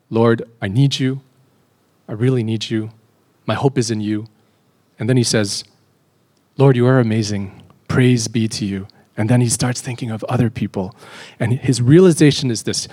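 A man's voice: mid-range voice, a little mellow. Earnest male pastor preaching a sermon. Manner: earnest, repeats words, rises in emphasis when reading scripture.

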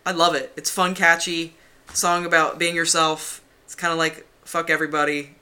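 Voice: mid-range voice, little pitch movement, moderate pace, pushed and bright, clean tone. A co-host of a music review podcast, talking in a rambling, self-deprecating way with swearing. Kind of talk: casual music review chat.

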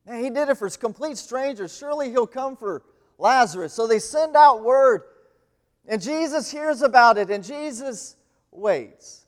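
High-voiced preacher swinging from loud to hushed. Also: male voice, animated, unhurried. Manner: dramatic swings between loud pleading and hushed near-whispers. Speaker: guest speaker. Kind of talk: sermon. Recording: long hall reverb.

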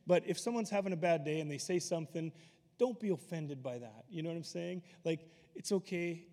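Conversational pastor in an echoing hall. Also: male voice, a little high, brisk, warm tone. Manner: conversational, storytelling with asides. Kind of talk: sermon. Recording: long hall reverb.

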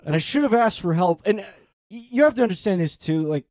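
This is a young man with a high-pitched voice who talks fast, captured in clean studio sound with no room sound. A priest, he tells a personal story in a casual interview, animated and playing out each quoted voice, with "like" popping up often.

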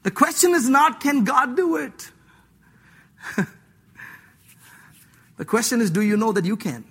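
A male preacher giving an animated, playful sermon, acting out voices, laughing and mixing scripture with casual slang. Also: extremely high pitch, a little slow, breathy edge. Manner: mixes scripture with slang like "dude".

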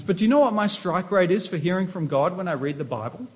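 A man with a high-pitched voice preaches a sermon to his congregation. He is a middle-aged pastor who keeps asking his listeners questions as he teaches from scripture. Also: animated, moderate pace. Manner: asks the congregation rhetorical questions.

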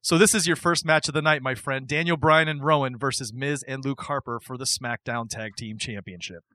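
A man's voice: medium pitch, steady tone, brisk, pushed and bright. A man hosting a casual podcast chat who tells a story with energy, acts out the quotes and laughs often. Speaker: podcast host. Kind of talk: excited wrestling storytelling chat.

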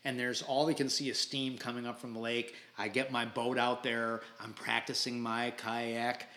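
A man in his sixties, a podcast guest telling stories in a casual interview, animated and quick to laugh, often restarting his sentences. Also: mid-range voice. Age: 60s. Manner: animated, laughing storyteller who stumbles over restarts.

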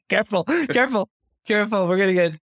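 A young man with a slightly high-pitched voice trades jokes on a casual podcast, playful and quick to laugh. He sounds close to the mic with little room sound. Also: fairly bright tone, no room sound. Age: young adult. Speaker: podcast co-host, artist. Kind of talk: casual chat.

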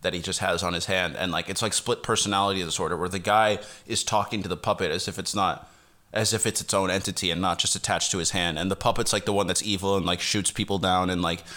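A man co-hosting a casual podcast, chatting loosely, laughing often and jumping into sudden high-pitched bursts. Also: fairly even intonation, fast, pushed and bright. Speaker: podcast co-host. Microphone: close podcast mic, sometimes leaning in very close.

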